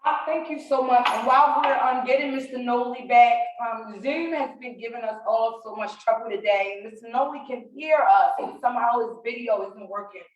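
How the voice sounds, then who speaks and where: A woman's voice: on the high side, moderate pace, few pauses, lo-fi sound. A woman moderating an online meeting, polite as she explains technical trouble. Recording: very echoey, distant, faint noise.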